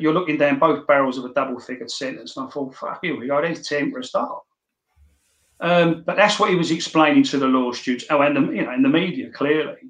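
A man's voice: on the high side, fairly bright tone. Blunt, swearing man in an echoey room. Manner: blunt, swears freely, stammers on restarts. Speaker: interview guest. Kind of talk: casual storytelling.

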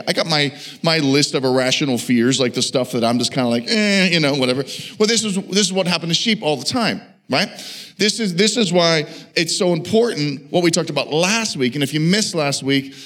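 A man's voice: fairly high pitch, fairly bright tone. Man, 50s, preacher, folksy, storytelling, humorous sermon in a church. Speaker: evangelist.

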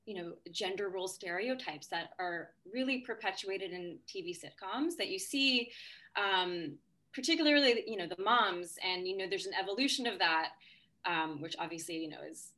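A woman's voice: mid-range voice, moderate pace, bright, forceful tone. A woman in casual discussion on a podcast, talking in a chatty way with many fillers and restarts.

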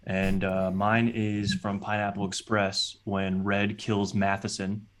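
A man's voice: lowish voice, level tone, slow, fairly bright tone. A man in casual podcast chat, talking enthusiastically about movies and swearing freely.

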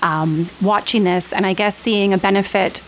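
A woman's voice: mid-range voice, steady tone, moderate pace, low-quality recording. Woman interviewer asking stuff, curious, slight hiss. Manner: inquisitive, leading questions.

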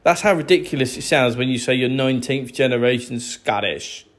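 A man's voice: mid-range voice, a little fast. A man with an English accent, ranting sarcastically and with exasperation to camera. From England. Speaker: vlogger.

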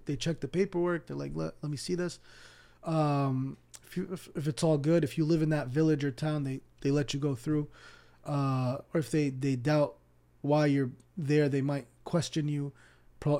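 Mellow, higher-voiced Palestinian-born imam. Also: male voice. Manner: animated storyteller who acts out dialogue; repeats words as he restarts. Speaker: imam and podcast guest. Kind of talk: casual storytelling interview.

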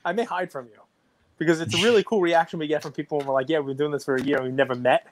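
Fast-talking excitable middle-aged man. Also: on the high side, a little hiss or hum. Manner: excitable, rambling, self-described runaway train. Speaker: podcast co-host. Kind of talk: casual podcast chat.

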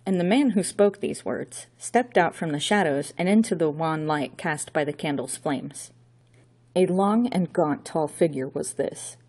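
A woman's voice: low-pitched, warm tone, breathy edge. A woman narrating an audiobook with a wry storytelling delivery.

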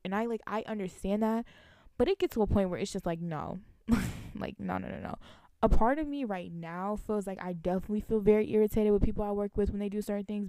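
A young woman, a college student, venting to her viewers in casual storytime chat, animated and laughing between lines. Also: mid-range voice, no echo, clean studio sound. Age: young adult.

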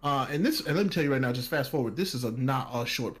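A man casually telling a personal story on a podcast, animated, acting out other people's lines and laughing often. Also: medium pitch, quick pace.

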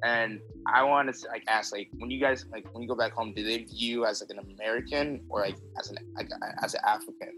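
A young man, a podcast guest, chatting casually with quick asides. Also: on the low side, fairly even intonation, pushed and bright, faint music behind, low-quality recording. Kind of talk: casual chat.

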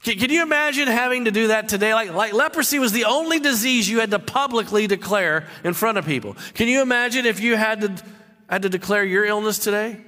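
Heard through long hall reverb, a pastor delivers a forceful sermon in a high, bright voice, speaking a little fast. He hammers his points, often repeating himself and tripping over words.

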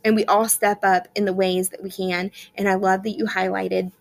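A woman's voice: medium pitch, flat delivery, normal speed, vocal fry. A woman hosting a podcast interview, affirming the guest and summing up what she says. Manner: affirming, echoes and sums up the guest. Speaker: podcast host. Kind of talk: casual interview.

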